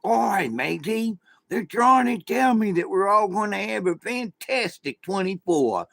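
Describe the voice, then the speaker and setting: A man putting on a cheery rough-spoken sailor. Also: high voice, animated, unhurried, a bit bright, no room sound, clean studio sound, pitched above the performer's own voice, exaggerated voice. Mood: jaunty.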